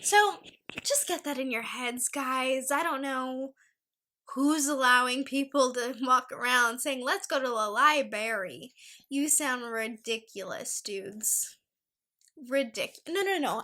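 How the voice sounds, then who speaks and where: A young woman hosting a casual solo podcast, chatty and animated as she rants about pet peeves. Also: high-pitched, takes it slowly. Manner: chatty, animated, talks to her dog in a soft baby voice. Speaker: podcast host.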